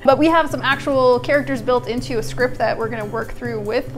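A woman's voice: a little high, fairly quick, over music. A woman hosting a travel show, chatting casually and upbeat in a popcorn shop. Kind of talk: casual chat.

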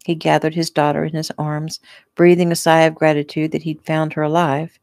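A woman's voice: deep voice, flat delivery, moderate pace, darkish tone, no room sound. A woman author reading her own novel aloud casually and unpolished, as if at home. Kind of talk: casual audiobook narration.

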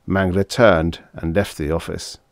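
A male audiobook narrator with a very low, deep voice, reading a vintage science fiction story. His delivery is even and measured. The recording is dry and close. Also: vocal fry, dry recording. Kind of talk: scripted narration.

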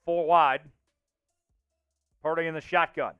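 A man hosting a livestream and calling the plays of a simulated football game, reading names from the chat and getting loud on big plays. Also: high voice, unhurried, gravelly, clear, resonant tone, faint music behind. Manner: excitable, shouts out chat names and hypes touchdowns. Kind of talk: live play-by-play commentary.

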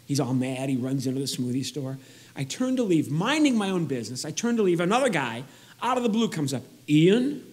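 A man performs a stand-up comedy routine on stage. His voice sits a little high for a man. He tells his stories in an animated way, slipping into the voices of the people he describes. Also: fast. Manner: animated storytelling, acts out other people.

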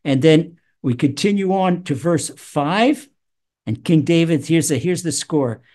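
A man teaching Psalms as a rabbi, animated, acting out voices with wide swings in pitch. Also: a little slow. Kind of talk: Torah lesson.

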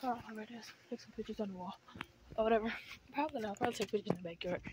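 A woman's voice: on the high side, racing, noisy background. A teenage girl vlogging to her viewers on an outdoor walk, rambling, swearing freely and out of breath. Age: teens. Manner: rambling, profane, chatty, addresses viewers as y'all. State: out of breath while walking. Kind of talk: casual vlog talk to viewers.

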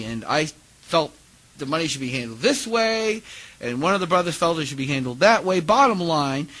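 Animated middle-aged man preaching. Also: fairly high pitch, poor audio. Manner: animated storytelling, rising and dropping his voice. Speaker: preacher giving a talk. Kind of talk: sermon with personal stories.

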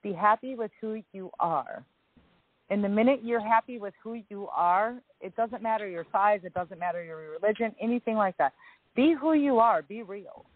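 A woman's voice: mid-range voice, moderate pace. A woman calling in to a live talk show, talking bluntly and with emphasis. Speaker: caller. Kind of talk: casual call-in talk. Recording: dry tinny phone line.

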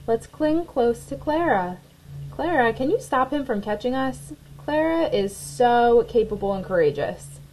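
A woman's voice: fairly high pitch, expressive, measured pace, a little mellow, a little hiss or hum, pitched above the performer's own voice. A woman voicing a bossy, protective male butterfly who gives urgent commands in a storybook. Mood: commanding.

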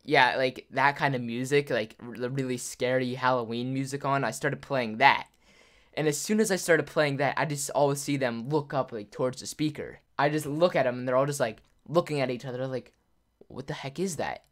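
A young man YouTuber telling a story to camera in a casual, rambling way, full of "like" and quick laughs. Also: medium pitch, steady tone.

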